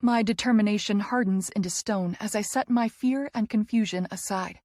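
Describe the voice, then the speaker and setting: A woman's voice: mid-range voice, moderate pace, a little mellow, no room sound, clean studio sound. Woman narrating an emotional audiobook. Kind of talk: first-person audiobook narration.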